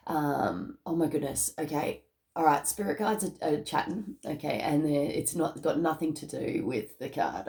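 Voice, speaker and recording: Brief: Australian woman tarot reader, chatty, giggly, slightly low pitch. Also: warm tone. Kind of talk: casual spiritual reading.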